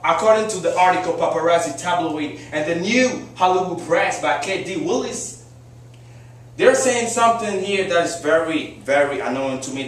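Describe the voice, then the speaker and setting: Young guy doing a class speech, kinda high voice, super echoey room, mic far off. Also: fairly bright tone. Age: young adult. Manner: emphatic, rhetorical questions, frequent fillers. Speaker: student giving a persuasive speech. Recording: very echoey classroom recorded from afar.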